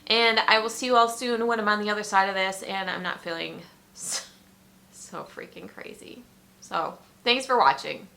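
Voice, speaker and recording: A woman talking openly in a personal vlog, emotional and halting, fighting back tears and pausing often with fillers. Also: mid-range voice, flat delivery, creaky, sharp tone. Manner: emotional, tearful, halting with many ums. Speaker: vlogger.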